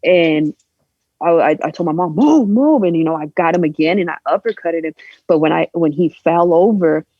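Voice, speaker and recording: Woman telling a painful story, halting. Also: low-pitched, steady tone, no echo. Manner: emotional, halting, acts out quoted voices. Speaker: podcast guest. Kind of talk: candid personal storytelling. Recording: dull lo-fi sound.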